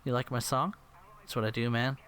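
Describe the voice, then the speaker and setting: A man's voice: medium pitch, fairly even intonation, fairly quick, a bit bright, smooth. A man giving silly, rambling commentary while playing an air combat game, often slipping into mock voices. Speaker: gameplay commentator. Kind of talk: goofy gameplay commentary.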